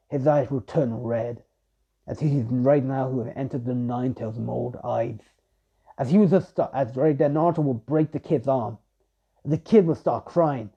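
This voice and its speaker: A man's voice: mid-range voice, dark tone. A young man improvising fan-fiction narration in a rambling way, full of fillers and restarts, on a dull lo-fi recording. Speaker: fan storyteller.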